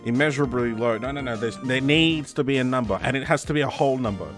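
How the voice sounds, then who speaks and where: A man's voice: medium pitch, fast talker, music in the background. A man with an Australian accent chatting casually while he streams a video game, joking at his own expense. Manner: chatty, self-mocking, trying out voices. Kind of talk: casual live-stream commentary.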